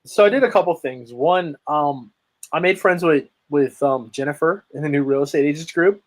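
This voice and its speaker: A man's voice: fairly high pitch, normal speed, poor audio. A man speaking as a guest on a video call, telling his story with energy, emphasis and many restarts. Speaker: guest, lead generation marketer. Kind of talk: casual interview chat.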